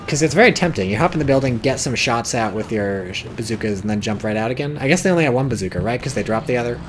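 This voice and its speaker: Lively American man casting a strategy game. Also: medium pitch, fast, noisy background. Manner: excitable, swears and yelps at big plays. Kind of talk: casual play-by-play game commentary.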